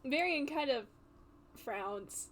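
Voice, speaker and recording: A woman player narrating her character in a tabletop game, halting and laughing often. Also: high-pitched, lively intonation.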